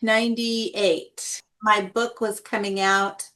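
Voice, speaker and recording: A middle-aged woman, an artist guest in an interview, telling stories in a lively, animated way. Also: slow, a little hiss or hum. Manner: lively, animated anecdotes with big pitch jumps. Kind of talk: casual interview storytelling.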